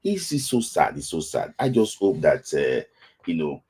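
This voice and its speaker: A man's voice: a bass voice, huge pitch swings, moderate pace, a little mellow, slightly rough. A Nigerian man hosting a football talk stream, speaking in a lamenting way and repeating his phrases over and over. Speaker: football talk show host. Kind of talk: casual live-stream commentary.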